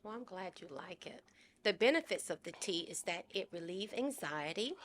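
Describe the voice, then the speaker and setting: A woman hosting a podcast, lighthearted and quick to laugh as she explains things to her guest. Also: fairly low pitch, expressive, fairly bright tone, a little hiss or hum. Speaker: podcast host. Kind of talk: casual interview chat.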